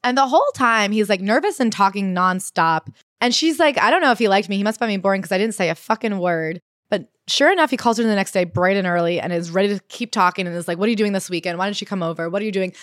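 Fast-talking female co-host, animated recap chat, dry close mic. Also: mid-range voice, no echo. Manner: fast, animated retelling with quoted asides. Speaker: podcast co-host. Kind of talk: casual book-recap chat.

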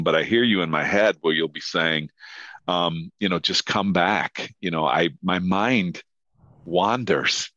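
A man's voice: sits low, bright, forceful tone, dry recording, highs cut off. A man hosting a podcast, chatting casually and rambling as he asks a question. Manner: rambling, with frequent fillers and restarts. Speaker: podcast host. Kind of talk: casual interview chat.

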